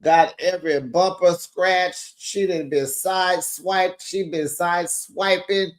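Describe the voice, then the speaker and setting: A man with a fairly high voice runs through a reality show recap in gossip mode. He is sassy and chatty, sprinkling in honey and child as he talks to his viewers like friends. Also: steady tone, slow. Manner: sassy, chatty, addresses viewers as besties and y'all; calls listeners honey and child.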